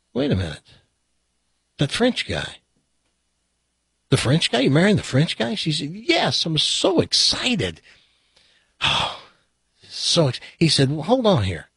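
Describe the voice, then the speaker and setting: A man's voice: medium pitch, husky, dry recording, clean studio sound. A man hosting a talk radio show, telling stories and a joke while acting out the voices. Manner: animated storyteller, acts out the joke's voices.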